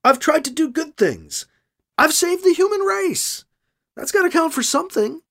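Narrator doing a defensive world leader. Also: male voice, very high-pitched, moderate pace, voice pushed up, exaggerated voice. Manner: defensive, trying to sound calm. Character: defensive powerful middle-aged male leader.

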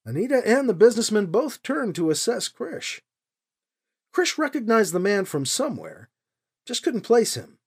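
A woman narrating a novel as an audiobook, with expressive storytelling. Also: medium pitch, moderate pace, breathy edge. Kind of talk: scripted narration.

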